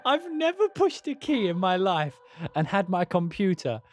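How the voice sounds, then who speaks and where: A man's voice: high voice, big pitch swings, normal speed, background noise. A young man chatting casually on a live stream, giggling and swearing as he talks to himself while he works.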